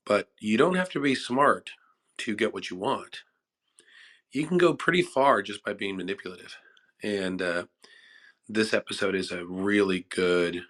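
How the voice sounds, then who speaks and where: A man with a very low voice and a bright, forceful edge talks through his idea at a measured, considered pace. He often repeats himself while gathering his thoughts, in a relaxed group chat over a phone app. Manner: thoughtful, explanatory, repeats words while thinking. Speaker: audience guest speaker. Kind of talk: casual discussion. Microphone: phone app audio chat.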